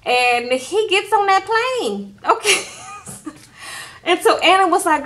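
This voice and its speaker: Bright-voiced chatty woman recapping. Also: very high voice, takes it slowly, pauses often. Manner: chatty, animated retelling with quoted voices and laughs. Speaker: reality show recap vlogger. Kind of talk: casual recap vlog.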